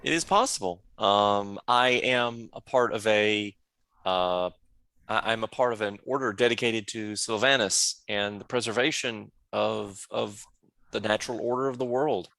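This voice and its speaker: A man's voice: on the low side, measured pace, gravelly, bright, forceful tone, no echo, heavily acted. A man playing an earnest male knight of a nature order, polite and hesitant.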